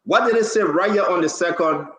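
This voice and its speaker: A man's voice: high voice, fairly quick, fairly bright tone, roomy sound. A man hosting a political talk show, demanding answers and defending himself.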